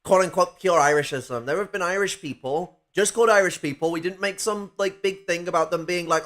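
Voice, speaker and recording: A man's voice: high-pitched, a little fast, few pauses, a bit bright. A man in a casual political discussion who argues his points at length and swears freely.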